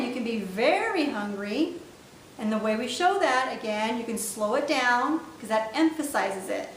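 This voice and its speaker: A woman teaching sign language vocabulary, patiently repeating each word as she demonstrates it. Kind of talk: step-by-step instructional lesson. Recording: echoey room, mic at a distance, faint rumble.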